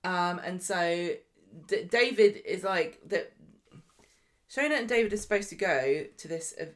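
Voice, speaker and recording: Chatty woman with a lowish voice. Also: expressive, unhurried. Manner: chatty, mimics characters in voices while retelling. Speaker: podcast co-host. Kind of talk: casual chat recapping a soap.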